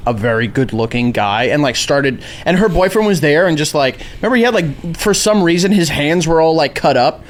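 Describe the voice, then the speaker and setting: A man's voice: a little high, lively intonation, fairly quick, hardly any pauses. A podcast co-host in casual chat, adding jokey comments and his own story.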